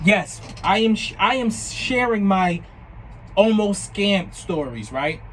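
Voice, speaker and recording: A man's voice: high-pitched, takes it slowly, a little hiss or hum, low-quality recording. A young man from New Jersey casually telling a storytime about scam attempts, swearing freely and acting out the messages he got. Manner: animated, profane, retelling chats with quoted lines. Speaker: vlogger.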